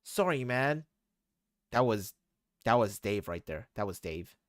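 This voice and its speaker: A man hosting a webcomic reading on stream, talking in a low, relaxed voice between parts. His asides are casual and self-deprecating. The sound is dry and close, with a lively pitch. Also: measured pace, no echo. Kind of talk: casual chat.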